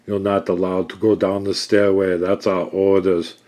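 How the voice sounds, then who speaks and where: A man voicing a surly hired guard in a dungeon who talks loudly and gruffly. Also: deep voice, flat delivery, moderate pace, lightly acted.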